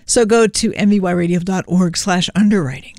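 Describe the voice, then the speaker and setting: A woman radio DJ announcing songs and station news in a relaxed, chatty way, fighting a cough and stumbling a little. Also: fairly low pitch, fairly quick, dry recording, clean studio sound. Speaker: radio DJ and host. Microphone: studio microphone.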